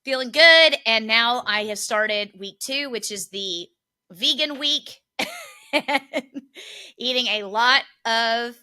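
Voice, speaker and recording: A woman's voice: fairly high pitch, slow pace, pushed and bright, clean tone. A woman co-hosting a podcast, casually telling a funny everyday story and laughing often. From Philadelphia area. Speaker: podcast co-host. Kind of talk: casual chat.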